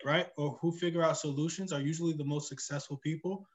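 A man's voice: a little high, steady tone, fast. A man who runs a short-term rental, talking reflectively in a casual podcast chat and tagging his points with "right?". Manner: reflective, many "right?" tags and restarts.

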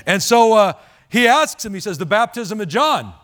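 A man preaching a sermon as a missionary, telling stories in a chatty, animated way with many fillers. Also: sits high, moderate pace. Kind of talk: sermon with storytelling. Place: church sanctuary.

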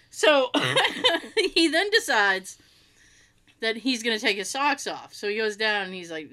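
A woman's voice: on the high side, very animated, moderate pace, bright, forceful tone. A middle-aged woman telling a funny family story in casual chat, acting out the quotes and laughing often.

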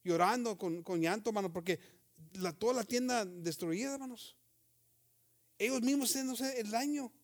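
A man with a notably high-pitched voice delivers a sermon. His preaching is fervent and emphatic, and he keeps driving his points home with amens and hallelujahs. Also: a little fast.

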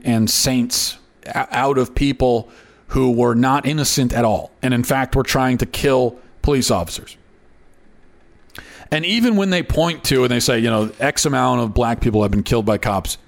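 A man with a fairly high voice hosts a political commentary show, delivering an emphatic opinion monologue. His argument climbs into indignant outbursts, and he often repeats and restarts words.

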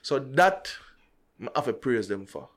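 A man with a Jamaican accent, co-hosting a podcast in a relaxed chat, slipping into patois and restarting his sentences often. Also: mid-range voice, a little slow, crowd noise. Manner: animated, patois-mixed banter with frequent restarts. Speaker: podcast co-host. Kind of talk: casual chat.

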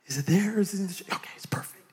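Young male preacher, Bay Area raised, animated storyteller who shouts and laughs mid-sermon. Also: sits high, racing, breathy edge. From San Francisco Bay Area.

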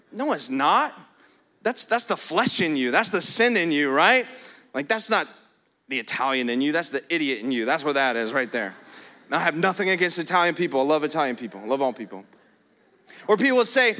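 Male pastor, bright, slightly high voice, dynamic preaching from hushed to loud. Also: very animated, fairly quick. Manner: preaching, swings from hushed prayer to loud emphatic. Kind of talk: sermon.

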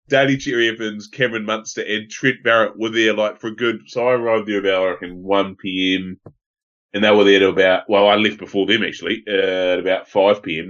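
A man's voice: fairly low pitch, a bit bright, dull audio. An Australian man telling a rambling story on a casual sports podcast, laughing now and then. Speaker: podcast co-host.

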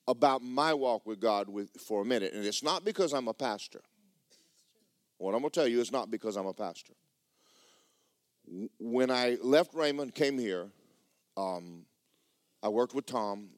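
A male pastor of medium pitch preaches a sermon, emotionally telling a personal story, repeating himself often and speaking directly to the congregation. The recording is dry and of studio quality.

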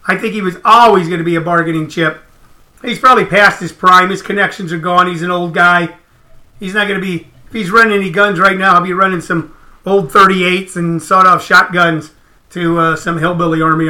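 Guy ranting on his stream, high pitched, really sharp bright tone. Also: fairly quick. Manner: animated, profane, emphatic. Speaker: comedian host. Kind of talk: casual livestream rant.

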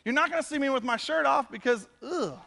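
A man, a pastor, giving a conversational and animated sermon to his congregation. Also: very high-pitched, gravelly, in a large hall, background noise. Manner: conversational, animated preaching with quick asides. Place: church sanctuary.

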